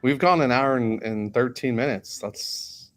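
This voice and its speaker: Man, middle-pitched, easygoing host, casual chat. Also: measured pace. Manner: wraps up, moderates the conversation. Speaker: podcast host.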